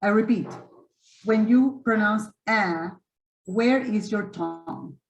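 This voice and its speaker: A woman's voice: mid-range voice, roomy sound. Casting note: woman in her 50s, patient teacher demonstrating sounds, dull lo-fi call audio. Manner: patient, demonstrative, repeats and models vowel sounds slowly. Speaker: English teacher hosting a webinar. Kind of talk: online teaching webinar. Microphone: video call.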